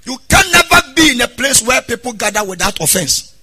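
Male pastor, sermon, husky and bright, loud sung-out preaching. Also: very high voice, sing-song, brisk, soft background music. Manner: preaching with sudden loud exhortations and sung phrases.

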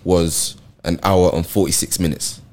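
A man chatting casually, slangy and quick to laugh. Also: low-pitched, level tone, a little mellow. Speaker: friend in group chat. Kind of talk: casual chat.

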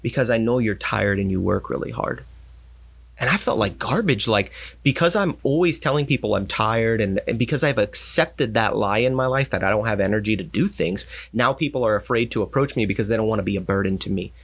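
A pastor in casual conversation, telling stories and acting out the people in them. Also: male voice, on the low side, animated, brisk, fairly bright tone, breathy edge. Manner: storytelling, acts out quoted voices. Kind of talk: casual faith talk.

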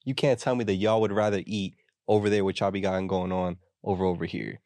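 A man's voice: deep voice, steady tone, fast, a little mellow, no echo. A young American man in casual chat, ranting and joking with a lot of slang.

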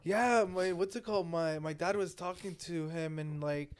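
A man's voice: a little high, normal speed, smooth. A young man co-hosting a podcast, telling rambling, profane stories full of quoted voices in a casual chat. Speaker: podcast co-host.

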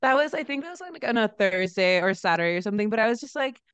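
A young woman co-hosting a podcast, telling a story in a chatty, animated way with lots of fillers. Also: fast talker, lo-fi sound, a crowd in the background. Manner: animated storyteller, lots of "like", laughs into high pitch. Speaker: podcast co-host, dancer. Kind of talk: casual chat, storytelling.

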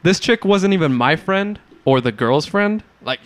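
A man's voice: high-pitched, lively intonation, a little slow. A young man co-hosting a casual chat, crude and joking, laughing often. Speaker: podcast co-host.

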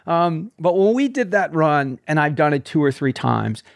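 Older man, fairly high voice, animated, salty casual talk, dry close mic. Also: moderate pace, gravelly, no room sound. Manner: animated, swears freely, says "man" a lot. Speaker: running coach and podcast host. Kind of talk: casual chat.

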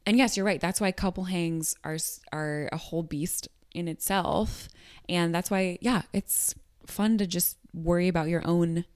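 A woman with a lowish voice co-hosting a casual podcast. She eagerly agrees and chimes in with quick affirmations, and her voice sounds dry and close. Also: fairly even intonation, a little mellow, no echo. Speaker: podcast co-host. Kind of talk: casual chat.

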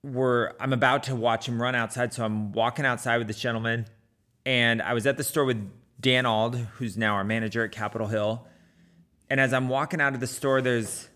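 Casting: middle-aged man, casual storyteller, halting delivery with lots of fillers. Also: medium pitch, steady tone, bright, forceful tone, clean tone. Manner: conversational with frequent fillers and restarts. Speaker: runner telling a personal story.

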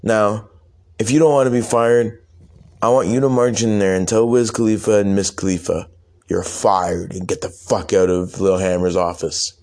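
A man's voice: on the low side, fairly even intonation, moderate pace, darkish tone, close to an everyday voice. A man voicing a hot-headed young male weed business owner who talks bluntly and stammers. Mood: bossy.

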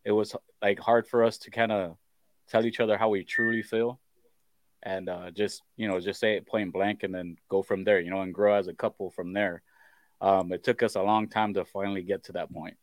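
A man in a casual chat, speaking hesitantly with many pauses and ums. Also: on the low side, little pitch movement, no room sound.

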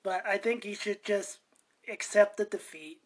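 A woman's voice: medium pitch, measured pace. A woman hosting a podcast and ranting in a chatty, meandering way, often interrupting herself mid-sentence. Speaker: podcast host. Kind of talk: casual ranting monologue.

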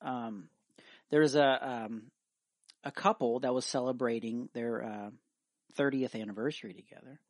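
A young man co-hosting a podcast, rambling through a story with plenty of ums and false starts. His voice sits at an ordinary pitch and sounds dry and close. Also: fairly even intonation, no room sound. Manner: halting storyteller with many fillers. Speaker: podcast co-host. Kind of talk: casual chat.

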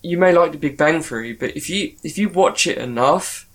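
A man's voice: fairly high pitch, animated, normal speed. A man co-hosting a casual chat, giving rambling, opinionated views on television casting. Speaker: podcast co-host.

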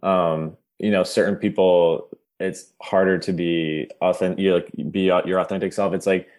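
Guy hosting a podcast, really deep voice, rambly relaxed chat. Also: moderate pace. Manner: relaxed, rambling, restarts his sentences. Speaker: podcast host. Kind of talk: casual interview chat.

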